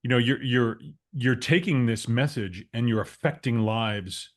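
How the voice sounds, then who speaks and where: A male interview host speaks at a mid pitch in a casual, conversational way. He often stalls and repeats words while working out what to say. He responds warmly to the story he just heard. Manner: halting, repeats words while gathering thoughts. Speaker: podcast host.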